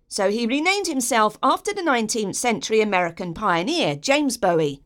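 A woman's voice: fairly high pitch, sing-song, moderate pace, fairly bright tone. A woman narrating a scripted biography, informative with wry personal asides. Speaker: documentary narrator.

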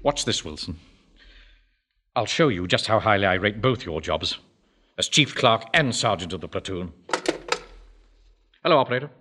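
Casting: a self-important bank manager, bright and lively, blustering orders. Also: male voice, lowish voice, normal speed, long pauses. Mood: boastful. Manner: pompous, blustering, commanding. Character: pompous middle-aged male bank manager, self-important officer. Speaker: bank manager and platoon commander. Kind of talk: broadcast sitcom acting.

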